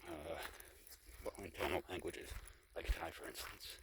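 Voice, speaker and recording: A young travel vlogger rambles casually to his handheld camera while hiking down a mountain trail, full of fillers and restarts. His very deep voice is flat, husky, a bit bright, and fried, at a moderate pace, over noisy outdoor camera audio.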